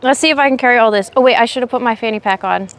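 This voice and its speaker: High-voiced sassy woman streaming outdoors. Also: very fast, a bit bright. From Oregon, USA. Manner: chatty, sassy, talks to chat. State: sick, low energy. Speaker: livestreamer. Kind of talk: casual chat with live chat. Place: outdoors in a windy park. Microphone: phone on a selfie stick.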